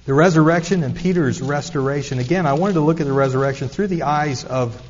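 This pastor talks fast in a higher-leaning voice, delivering his sermon in an earnest, conversational way full of asides to the congregation. He's in a church sanctuary, captured with a dull, lo-fi, echoing hall sound.

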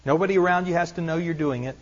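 An earnest male preacher delivering a sermon with a slightly raised pitch. He presses his points with repeated rhetorical questions and drops in small self-deprecating jokes. The recording sounds dull and lo-fi. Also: racing. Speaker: pastor.

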